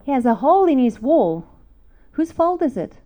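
Woman, middle-aged, preacher, emotional storytelling sermon, high voice. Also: sing-song, moderate pace, mellow.

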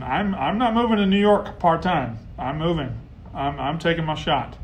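A man hosting a casual live sports talk stream, heckling rivals and getting loud when riled. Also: fairly high pitch, normal speed, a little hiss or hum. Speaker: sports show host.

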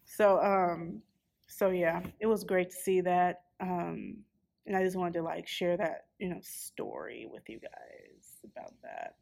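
A woman's voice: lowish voice, a little slow, vocal fry, a little mellow. A woman in her twenties chatting casually, telling a story and acting out what people said. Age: 20s. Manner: chatty storyteller, acts out quotes. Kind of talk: casual chat.

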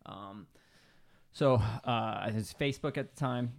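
A young man hosting a podcast, telling a story in a loose, relaxed way with lots of fillers. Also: mid-range voice, measured pace, vocal fry. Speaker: podcast host. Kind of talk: casual chat.

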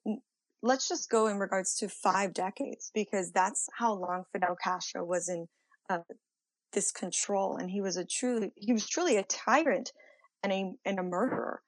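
A young woman answering interview questions thoughtfully, pausing often with fillers. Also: mid-range voice, no room sound, rough recording. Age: young adult. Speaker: guest.

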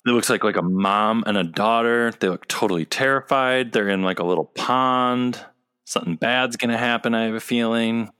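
A man's voice: medium pitch, normal speed, bright, forceful tone, clean tone. A man co-hosting a casual podcast chat, joking and laughing often as he reacts to a trailer. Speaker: podcast co-host.

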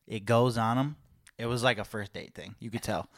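A man's voice: mid-range voice, moderate pace, vocal fry, dry recording. Slangy young man, dry close sound. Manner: slangy, profane, says bro and dude. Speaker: podcast co-host. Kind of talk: casual sports chat.

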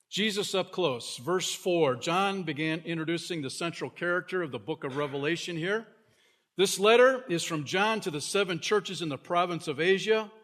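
A pastor preaching a sermon, moving between quiet asides and loud, fervent scripture reading. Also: male voice, mid-range voice. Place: church sanctuary.

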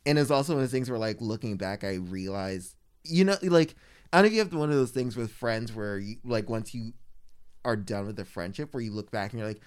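A man's voice: fairly low pitch, brisk, smooth. A man telling a long personal story in casual chat. He talks animatedly, fills it with "like", and mimics the people he quotes.

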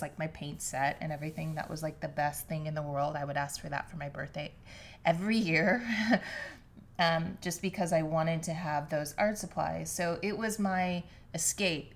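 A woman hosting a solo podcast from her living room floor, talking in a reflective, earnest way with many restarts and fillers. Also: deep voice. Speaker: podcast host. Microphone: podcast microphone.

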